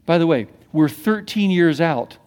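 Middle-aged pastor, man, slightly high voice, animated sermon delivery, quiet to loud. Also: a little slow, clean tone. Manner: animated preaching that swings from hushed to emphatic, with many restarts.

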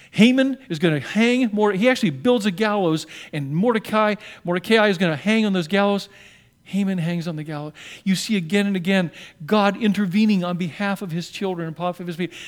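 A male pastor with a fairly high voice, preaching a sermon. He tells the story in an animated way and keeps turning to the congregation with questions.

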